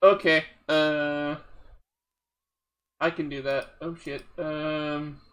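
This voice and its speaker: A man's voice: on the high side, flat delivery, extremely slow, a bit bright. A man streaming a game live, talking in a casual, rambling way.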